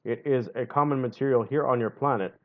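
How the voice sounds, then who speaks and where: A man's voice: medium pitch, steady tone, brisk, phone-quality sound, natural voice. A man voicing a short, big-eared male alien leader, reading his lines in a stiff, formal way.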